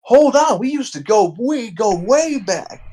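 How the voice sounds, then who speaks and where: A man voicing an excitable, preachy male wrestler with shrill, drawn-out exclamations. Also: exaggerated voice. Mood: outraged.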